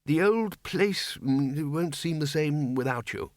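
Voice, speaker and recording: A man voicing an elderly head wizard who speaks haltingly and slowly. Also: on the high side, lively intonation, dry recording, clean studio sound, pitched above the performer's own voice. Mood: hesitant. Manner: hesitant, halting, drawn-out.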